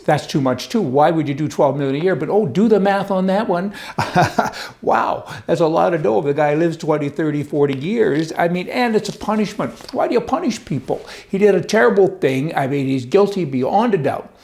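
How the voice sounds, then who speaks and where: A man's voice: fairly high pitch, animated, a little fast, creaky, few pauses, darkish tone. A man hosting a show of opinionated political commentary, folksy and sarcastic, full of wisecracks and rhetorical questions. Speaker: host.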